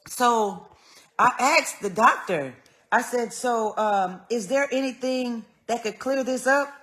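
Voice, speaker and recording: A woman telling a personal story in an earnest, conversational way, going soft and then raised as she relives moments. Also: a little high, slow. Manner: earnest, conversational, swings between quiet and raised when retelling. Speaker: vlogger.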